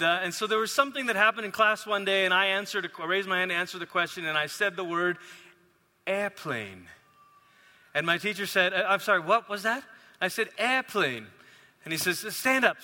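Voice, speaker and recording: A man's voice: high-pitched, bright, forceful tone, in a large hall. A man who grew up in Malaysia, preaching a sermon as a pastor in a conversational, storytelling manner.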